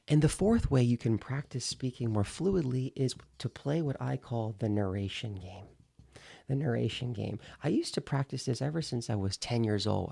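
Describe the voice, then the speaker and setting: A male speaking coach talks through his lesson in a deliberate, teacherly way, repeating key phrases so they stick. His voice is mellow with a gravelly edge. The sound is dry and close. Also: medium pitch, no echo. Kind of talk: instructional video.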